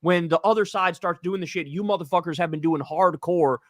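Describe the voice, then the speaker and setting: High-pitched man ranting, profane and emphatic. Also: brisk, dry recording, studio quality. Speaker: political commentator. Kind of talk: heated casual podcast chat.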